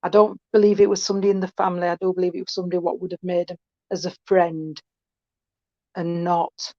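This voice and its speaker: A woman's voice: on the low side, flat delivery, quick pace, no room sound. A woman giving an online mediumship reading, chatty and affectionate, calling people sweetheart. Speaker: spiritualist medium. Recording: dull, dry call audio.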